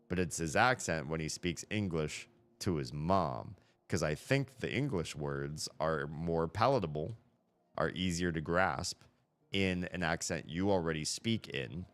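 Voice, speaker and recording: A man's voice: sits low, expressive, measured pace, a bit bright. A man hosting a live stream, rambling through casual chat and correcting himself as he thinks aloud into a headset mic.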